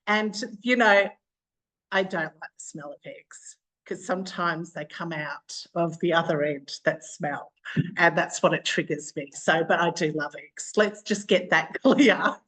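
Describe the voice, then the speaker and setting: A woman's voice: mid-range voice, measured pace, fairly bright tone, low-quality recording. Bubbly Australian woman coaching online. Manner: bubbly and chatty, laughs often. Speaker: business coach. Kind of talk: live online training session.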